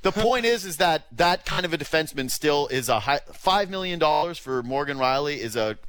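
A man with a Canadian accent co-hosting a sports radio show, talking animatedly in quick bursts and acting out imagined quotes. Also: on the high side, animated, a bit bright, slight background noise. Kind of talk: casual sports talk.

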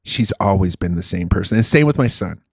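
A man's voice: deep voice, fairly quick, husky, no room sound, clean studio sound. A man in his thirties, a podcast co-host, chatting casually and joking about songwriting and his kids. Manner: animated, joking. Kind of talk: casual chat.

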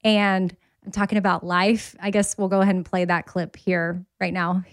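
A woman's voice: fairly low pitch, flat delivery, moderate pace. A woman hosting a podcast, talking in a chatty, upbeat way. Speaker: podcast host. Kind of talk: casual chat.

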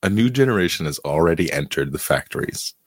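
A man's voice: low voice, animated, quick pace, no echo. A man co-hosting a podcast, chatting casually and reading a text aloud, sometimes stumbling over words. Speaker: podcast co-host.

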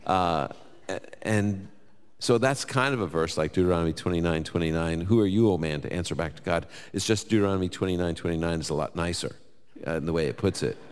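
Before a live audience, a New York-accented man answers Bible questions, blending scripture quotes with offhand asides and jokes in a lively, conversational manner. His very low voice is clean and fast, and a long hall reverb trails every phrase.

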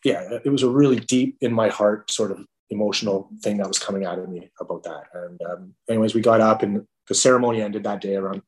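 A middle-aged man, a podcast guest, telling an emotional personal story in a halting way, full of restarts and fillers. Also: lowish voice.

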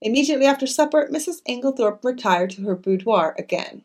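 A woman's voice: fairly high pitch, fast talker. A woman reading a classic novel aloud and adding chatty asides. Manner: expressive, chatty. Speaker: audiobook narrator.

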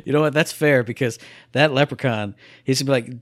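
A man's voice: medium pitch, brisk, fairly bright tone, no echo. A man hosting a podcast, teasing and joking in casual chat. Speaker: podcast host.

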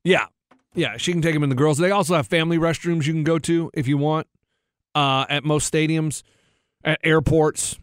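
A man, co-hosting a radio talk show and telling a story with lively delivery. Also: a little high, moderate pace, clear, resonant tone, dry recording, clean studio sound. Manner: animated storyteller acting out a whining child. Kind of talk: casual storytelling chat.

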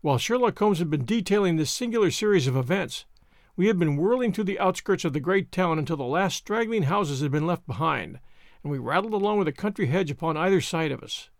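Expressive male storyteller with lively pitch. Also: fairly quick, no echo, studio quality. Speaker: narrator. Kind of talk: audiobook narration of a classic detective story.

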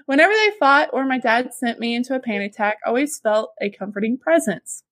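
A woman with a high voice reads a listener's letter aloud on a podcast, with plenty of expression. The recording is dry, with no room sound. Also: quick pace, no room sound. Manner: expressive, laughs often. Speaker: podcast co-host.

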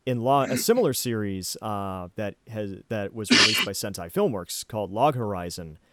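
A podcast host with a lowish voice talks through his opinions on anime at a moderate pace, amid heavy background noise. His casual delivery rambles, full of ums and restarts.

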